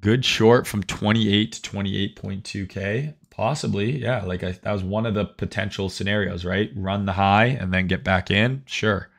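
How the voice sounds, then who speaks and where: Low-voiced casual man hosting a livestream. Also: fairly even intonation, moderate pace, vocal fry, hardly any pauses. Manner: conversational, profane, reads chat aloud, frequent "right?". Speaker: livestream host, trading educator.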